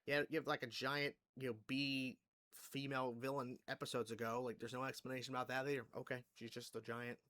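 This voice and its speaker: A man's voice: mid-range voice, level tone, brisk, pushed and bright. A man hosting a reaction channel, rambling through casual commentary on a cartoon episode. He is exasperated, swears freely and laughs between thoughts.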